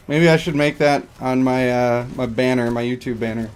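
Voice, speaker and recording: A man's voice: medium pitch, a little slow, long pauses, clear, resonant tone. A man streaming a video game, chatting casually in a rambling, joking, self-deprecating way. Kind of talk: casual live-stream chat over gameplay.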